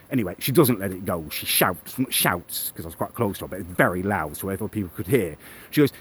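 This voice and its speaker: Brief: male vlogger, smug and sneering, husky low voice on a phone mic. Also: lively intonation, quick pace. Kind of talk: comedic character rant.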